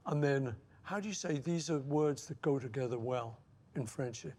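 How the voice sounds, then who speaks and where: A man's voice: mid-range voice, normal speed, hardly any pauses. A man in his seventies, an interview guest reminiscing in conversation, telling anecdotes and acting out old quotes. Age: 70s. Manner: anecdotal, acts out quotes with lively asides.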